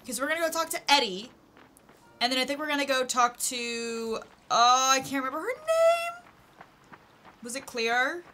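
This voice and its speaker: A woman's voice: high-pitched, big pitch swings, normal speed, over music. A woman from Texas chatting casually with her live-stream chat while playing a farming game, giggling often.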